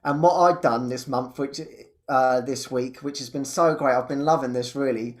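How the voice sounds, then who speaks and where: Male spiritual host telling stories with lively laughter, mid-pitched. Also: moderate pace. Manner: animated storytelling, laughs often, jumps high when quoting. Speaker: spiritual teacher and podcast host. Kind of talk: casual spiritual sharing.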